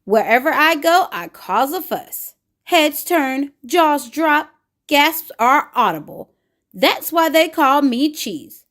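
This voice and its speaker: A woman's voice: high voice, animated, fairly bright tone, heavily acted. A woman doing a pompous bragging cheese. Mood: boastful. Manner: pompous, showy, drawn-out bragging. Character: boastful showbiz cheese craving attention. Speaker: children's book reader. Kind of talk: picture book read-aloud.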